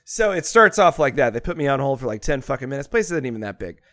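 A man co-hosting a podcast, telling a story in a casual, animated way with plenty of swearing. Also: medium pitch, fast, dry recording, clean studio sound. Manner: animated, profane storyteller with swinging loudness. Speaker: podcast co-host.

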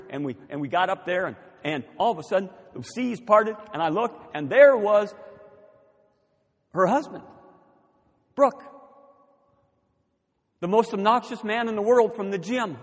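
An older man, preaching a sermon as pastor and telling a story with animated, building emphasis. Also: high voice, moderate pace, pauses often. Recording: long reverb of a church hall.

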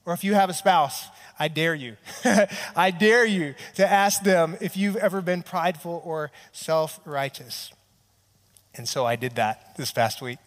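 A pastor with a slightly high voice preaches at a somewhat slow pace in a large church hall before an audience, a long reverb trailing his words. His sermon is conversational and story-driven, with frequent "right?" check-ins and little acted-out quotes.

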